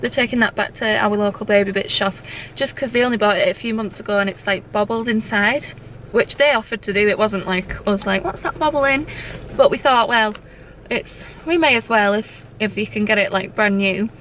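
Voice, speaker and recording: A woman chatting casually to camera in a vlog, emotional and quick to laugh, with lots of "like"s. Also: mid-range voice, fairly bright tone, slight background noise. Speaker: vlogger.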